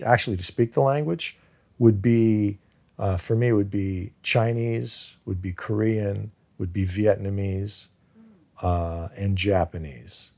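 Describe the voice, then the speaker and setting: Brief: actor as interview guest, husky low voice, rambling and casual. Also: male voice, a little mellow. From United States. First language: Farsi. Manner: rambling, many restarts and fillers.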